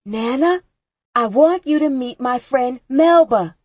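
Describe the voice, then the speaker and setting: A woman voicing an earnest young man who speaks loudly and eagerly to his grandmother. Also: high voice, animated, slow, husky, no room sound, pitched above the performer's own voice, heavily acted. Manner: loud, eager.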